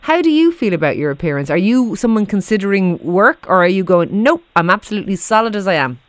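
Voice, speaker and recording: A woman hosting a radio phone-in, reading out listener messages and moving callers along briskly. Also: mid-range voice, very animated, dry recording. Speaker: radio show host.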